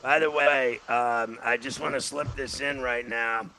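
A man's voice: mid-range voice, fairly even intonation, measured pace, bright, forceful tone, a little hiss or hum, poor audio. A middle-aged man hosting a casual sports betting chat, telling rambling self-mocking stories with plenty of cussing. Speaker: sports podcast host.

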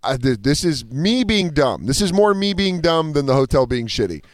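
Animated man telling a story. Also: a little high, normal speed, no room sound, clean studio sound. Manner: animated, acts out other people's lines. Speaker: podcast host. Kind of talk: casual comedic storytelling.

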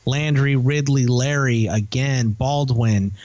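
A man's voice: medium pitch, darkish tone, no echo. A man co-hosting a podcast, chatting casually and teasingly while rattling off player names and prices. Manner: rambling, teasing, lists names quickly. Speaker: podcast co-host. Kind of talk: casual fantasy football chat.

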